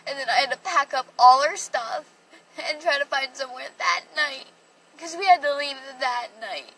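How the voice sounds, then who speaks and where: A woman's voice: high voice, normal speed, bright, forceful tone. A young woman telling a personal story on a phone livestream, rambling and emotional, with a lot of "like". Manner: rambling and emotional, heavy use of "like". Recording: distant from the mic, faint background noise.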